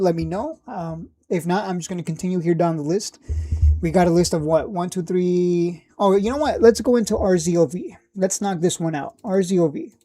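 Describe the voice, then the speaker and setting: A woman hosts a casual stock livestream, thinking out loud with plenty of fillers and blunt asides. Her lowish, mellow voice is a little hoarse, since she's been losing it.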